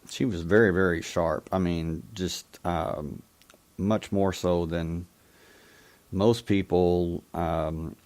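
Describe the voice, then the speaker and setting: A man hosting a call-in talk show, telling a personal story in a reflective, halting way. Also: low voice, a little mellow. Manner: reflective, halting, with frequent restarts. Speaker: radio call-in show host.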